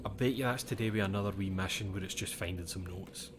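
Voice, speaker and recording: A young Scottish man streaming a game, rambling between stories in a relaxed way and swearing without a second thought. His voice sits a little low. A clear, constant background noise runs under the whole recording. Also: fast. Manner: chatty, rambling, swears freely. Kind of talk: casual commentary while gaming.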